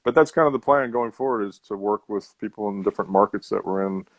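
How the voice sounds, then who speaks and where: Easygoing man with a low voice. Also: fast talker, no echo, low-quality recording. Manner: easygoing, rambling with fillers. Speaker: guest, tequila brand founder. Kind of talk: casual podcast chat.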